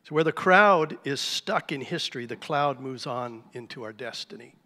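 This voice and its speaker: A man preaching a sermon to a church congregation, telling a story with lively, animated delivery. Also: mid-range voice, normal speed. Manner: animated storytelling, acts out shouted cries. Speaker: pastor. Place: church sanctuary. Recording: live church hall reverb.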